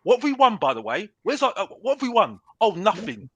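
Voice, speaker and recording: A man's voice: sits high, huge pitch swings, fairly quick, a bit bright, dry recording. A man ranting in a heated football debate, repeating "bruv" and talking over the others. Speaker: panelist on a football talk show.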